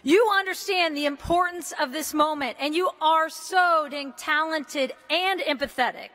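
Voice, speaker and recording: With a high voice and a measured pace, an American commencement speaker in her fifties talks to a large indoor arena. She comes across as energetic, casual and playful, sprinkling in mild curse words.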